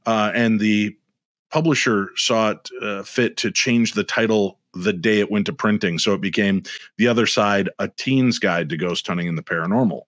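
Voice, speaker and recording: Middle-aged guy on a video call, lowish voice, dry sound, acts out his stories. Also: moderate pace, no room sound. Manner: animated storyteller acting out dialogue. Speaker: guest. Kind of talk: storytelling interview.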